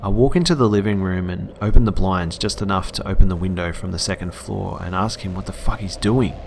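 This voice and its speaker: A young Australian man narrating a scary true story for his channel in a steady, earnest manner. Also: low voice, brisk, gravelly, a little hiss or hum. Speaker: YouTube storyteller. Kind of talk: reading a scary story aloud.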